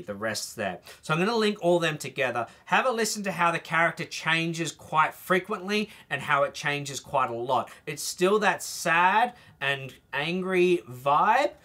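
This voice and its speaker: Male music teacher, bright and slightly high voice, explanatory masterclass delivery. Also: animated, normal speed, hardly any pauses. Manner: explains phrasing, sings short phrases to demonstrate. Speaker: trumpet teacher.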